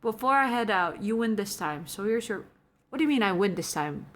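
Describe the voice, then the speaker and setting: A woman's voice: mid-range voice, a little fast. Giggly young woman chatting on stream. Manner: chatty and giggly, jumps between soft and excited. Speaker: streamer reading chat. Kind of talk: casual stream chat.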